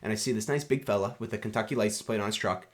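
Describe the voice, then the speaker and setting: A young man from Canada, co-hosting a podcast and telling animated road-trip stories in casual chat. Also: lowish voice, very fast. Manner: animated, laughing storyteller. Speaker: podcast co-host.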